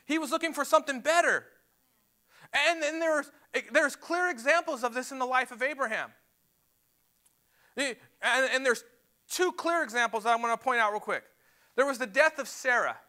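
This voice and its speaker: A man's voice: very high voice, normal speed, pauses often, sharp tone. A man preaching a sermon to a church, emphatic and repeating words as he builds his points. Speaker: pastor. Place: church sanctuary.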